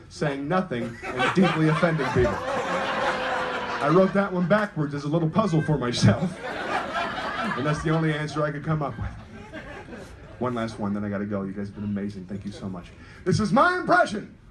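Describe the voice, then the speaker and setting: A man doing a fast, jokey stand-up comedy routine and bantering with the audience. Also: fairly high pitch. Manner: quick, jokey, banters with the crowd. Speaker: comedian host. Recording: live show with loud crowd noise. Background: loud crowd laughing.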